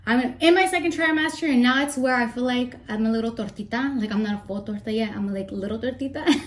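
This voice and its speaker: A woman's voice: a little high, quick pace, a little hiss or hum. A young woman chatting casually while doing her makeup, a little out of breath, rambling with playful asides. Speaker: makeup vlogger. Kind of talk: casual get-ready-with-me chat.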